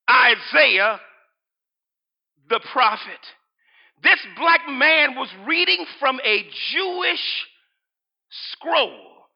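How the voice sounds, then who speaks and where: A male pastor preaching a sermon, repeating lines, shouting at times and reading scripture aloud. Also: very high voice, creaky, muffled recording.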